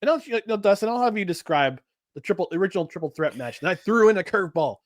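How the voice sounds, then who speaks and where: A man's voice: sits high, lively intonation, quick pace, no echo, clean studio sound. A man co-hosting a casual podcast, rambling with many restarts and fillers. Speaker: podcast co-host.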